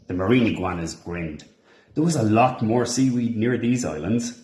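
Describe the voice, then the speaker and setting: Animated man reading a children's story. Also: lowish voice, moderate pace, echoey room. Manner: expressive, animated character voices. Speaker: storybook reader. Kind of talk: children's read-along narration.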